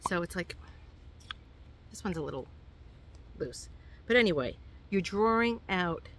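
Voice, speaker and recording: A woman's voice: fairly low pitch, expressive, a little slow, a little hiss or hum. A woman with a New York accent chatting casually through her hiking gear, rambling with plenty of ums and uhs. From New York, USA. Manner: chatty, rambling with many fillers. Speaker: hiking vlogger. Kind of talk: casual show-and-tell.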